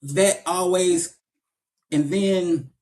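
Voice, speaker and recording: A man being interviewed as an actor, telling stories in a casual, animated way and often repeating his words as he goes. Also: high-pitched, very slow.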